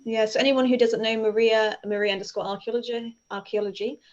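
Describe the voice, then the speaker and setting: A woman's voice: fairly high pitch, little pitch movement, a little fast, a little mellow. Fields: Sex: woman. Role: host. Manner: reassuring, reads viewer questions. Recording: dull, lo-fi call audio. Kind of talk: casual interview over a live stream.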